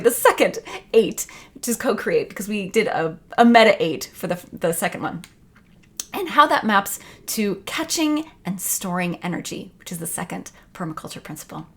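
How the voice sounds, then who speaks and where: A woman teaching a video lesson on creativity, talking in an enthusiastic, conversational way. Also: mid-range voice. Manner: enthusiastic, conversational, acts out quotes.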